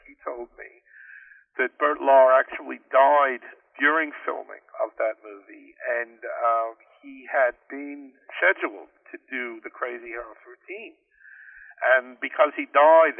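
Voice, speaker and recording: A man's voice: medium pitch, vocal fry, no room sound, distant mic. Older man telling stories over a tinny phone line. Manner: rambling anecdotes with restarts and excited asides. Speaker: interview guest. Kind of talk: storytelling in an interview.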